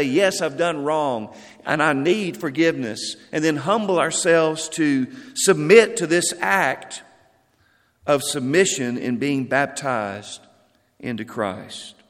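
A man delivers a sermon in a slightly raised voice, reading scripture with building emphasis and then dropping low to drive a point home. His words ring out with the long reverb of a large hall. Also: a bit bright. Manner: reads scripture aloud with rising emphasis, then drops low. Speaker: preacher.

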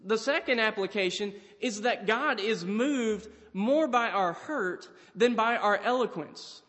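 A man's voice: sits high, a little slow, a bit bright. A man preaching a sermon, retelling a story dramatically and acting out the voices of its characters. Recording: hall reverb.

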